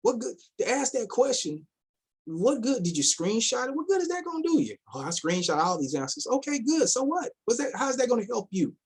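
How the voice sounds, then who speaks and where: Husky-voiced man asking rhetorical questions. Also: very high voice, very animated, fairly quick, darkish tone. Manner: rhetorical, repeats himself, mocks imagined investors in quoted voices. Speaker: investment vlogger. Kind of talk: casual commentary.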